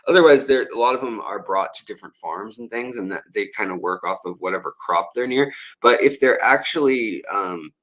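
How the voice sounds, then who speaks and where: A man's voice: fairly low pitch, lively intonation, brisk, hardly any pauses, a bit bright, rough recording. A man hosting a casual livestream, rambling with many fillers and restarts while he reads out and answers viewer comments. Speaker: livestream host.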